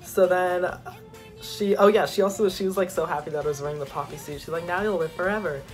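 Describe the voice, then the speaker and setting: A young adult man vlogging, telling an excited, rambling story with lots of filler words. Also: high voice, brisk, faint music behind. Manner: excitable, rambling, heavy use of "like". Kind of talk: casual storytelling to camera.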